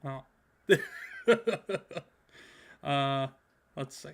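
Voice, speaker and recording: A man's voice: fairly high pitch, lively intonation, extremely slow. A man co-hosting a casual podcast about games, rambling with lots of ums and uhs. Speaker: podcast co-host.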